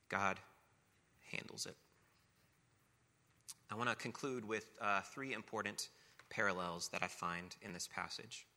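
A man's voice: fairly low pitch, a little slow, long pauses, sharp tone. A man preaching a sermon, talking casually between passages of scripture that he reads aloud with emphasis. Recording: long reverb of a large hall.

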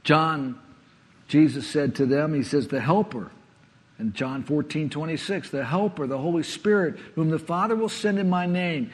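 A man preaching a sermon, earnest, often letting his voice sink to a hush before rising again. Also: sits high. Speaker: pastor. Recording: long hall reverb.

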